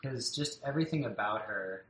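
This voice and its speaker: A man talking warmly and at length about his young daughter, tender and rambling with many restarts and fillers. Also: fairly low pitch, expressive, normal speed, echoey room, rough recording. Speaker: parent being interviewed. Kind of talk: casual heartfelt conversation. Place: home in a loud neighborhood.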